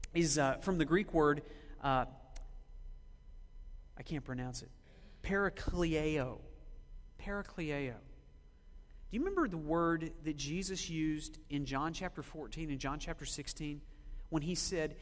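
A male pastor with a high voice preaches a sermon in a church sanctuary. He asks rhetorical questions and slows down to read scripture. His voice rings with the long reverb of a big hall.

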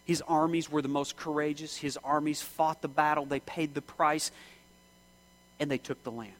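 A man preaching in church with a fairly high voice. He preaches with passion, rising to shouts and then dropping to hushed pleading. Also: steady tone, moderate pace, poor audio. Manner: impassioned, swings from shouting to hushed. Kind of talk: sermon.

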